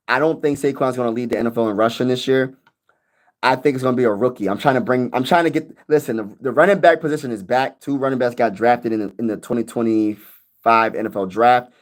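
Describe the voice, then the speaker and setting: Young male sports streamer, casual, animated, talks right to his chat. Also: mid-range voice. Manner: animated, chatty, reads out and answers viewer comments. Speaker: sports channel host. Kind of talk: casual livestream sports talk.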